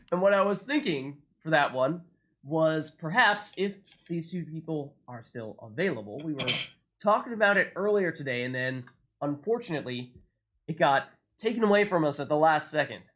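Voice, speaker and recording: A man's voice: a little high, expressive, moderate pace, a bit bright. A man hosting a community game stream, chatting with players in slightly formal phrasing. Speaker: stream host.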